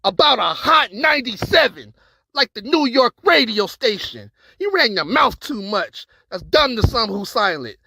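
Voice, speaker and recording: A man's voice: very high voice, sing-song, normal speed, vocal fry, bright, forceful tone, husky, no room sound. A man performing a battle rap verse with an aggressive, taunting delivery. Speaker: battle rapper.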